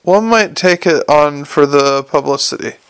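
A man voicing a jittery young bank worker with a high, quavering, anxious voice in a storybook reading. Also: measured pace, clean tone, no room sound. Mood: fretful.

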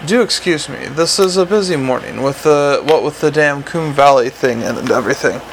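A man's voice: on the high side, normal speed, slight background noise, lightly acted, low-quality recording. A man reading the part of a weary male watch commander in an audiobook, curt, dry and sardonic.

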